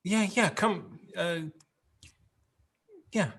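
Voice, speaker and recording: A man's voice: high-pitched, very slow, a bit bright. A man playing a tabletop game, speaking casually with frequent fillers. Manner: hesitant, many fillers. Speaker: player.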